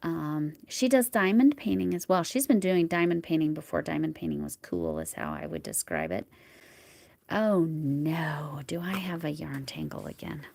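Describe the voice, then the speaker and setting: A woman hosting a crochet livestream at home, chatting casually as she works and murmuring soft whispered asides to herself. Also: low voice, animated, moderate pace, gravelly, no echo. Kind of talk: casual live chat while crocheting.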